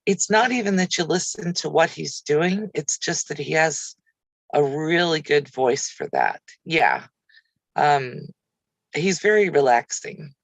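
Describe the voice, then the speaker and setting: A woman's voice: sits low, big pitch swings, unhurried, no room sound, rough recording. Chatty woman answering live viewers. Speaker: craft channel host. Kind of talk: casual livestream chat with viewers.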